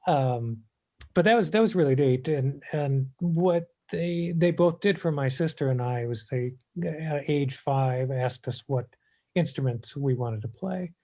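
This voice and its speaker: A man from Illinois, a guest on an interview show, answers haltingly with lots of pauses and fillers. His voice is mellow and relaxed, sitting in a middle pitch. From Illinois, USA. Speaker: guest musician.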